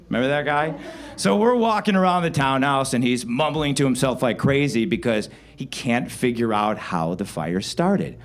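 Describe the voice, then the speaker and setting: A man telling a comic true story live on stage, wry and animated, with sudden loud outbursts. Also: mid-range voice. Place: live show venue.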